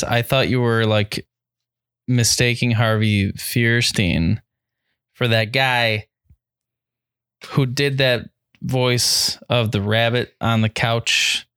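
A woman's voice: rumbling low, fairly bright tone, clear, resonant tone, no echo, studio quality. A woman co-hosting a podcast in casual chat, blunt, jokey and swearing freely. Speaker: podcast co-host.

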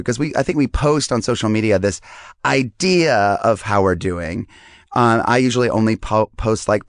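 A man with a low, hoarse voice that sounds roughed up and strained talks on his podcast. He rambles in a casual, chatty way and pokes fun at himself. The sound is dry and close, with no room echo. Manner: rambling, self-deprecating, chatty. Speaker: podcast host. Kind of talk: casual monologue.

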